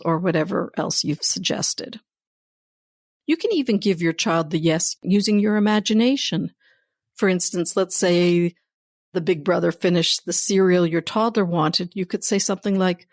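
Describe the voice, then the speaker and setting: Woman, parenting host, gentle reassuring advice, mid pitch, dry close recording. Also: moderate pace, no echo. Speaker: parenting educator and podcast host. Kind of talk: warm advice talk to parents.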